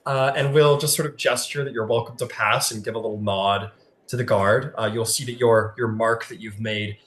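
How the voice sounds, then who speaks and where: A man's voice: lowish voice, steady tone, moderate pace, fairly bright tone, a little hiss or hum. Casual male game master narrating. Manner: casual, filler-heavy narration.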